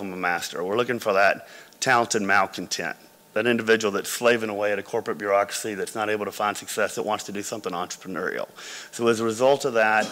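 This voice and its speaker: A man's voice: fairly low pitch, a bit bright. Man telling business stories in a hall. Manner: conversational, anecdotal, informal. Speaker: company founder speaking to MBA students.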